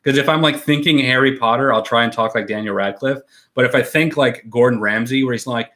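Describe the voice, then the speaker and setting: A man's voice: medium pitch, steady tone, brisk, fairly bright tone. A man co-hosting a casual live stream at home, reading out viewer comments and rambling through his answers with frequent fillers and laughs.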